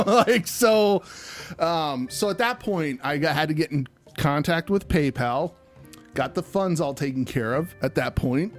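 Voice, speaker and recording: A man on a podcast launches into a heated, profanity-laced rant, his voice sitting a bit high for a man. He tells his story in loose, casual chat, and faint music runs under him. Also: expressive, unhurried. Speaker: podcast co-host.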